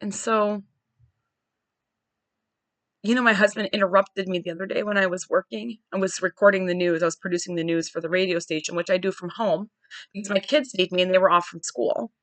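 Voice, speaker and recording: A woman's voice: medium pitch, steady tone, fairly quick, a bit bright, no room sound. A woman in her forties hosting a podcast, candidly thinking aloud in a searching, wry monologue. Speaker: podcast host. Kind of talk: personal reflective monologue.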